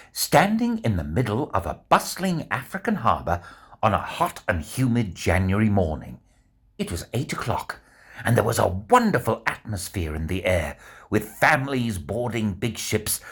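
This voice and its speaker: A man narrating a children's adventure story in the first person as a bear, in an animated, expressive storytelling manner. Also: lowish voice, husky.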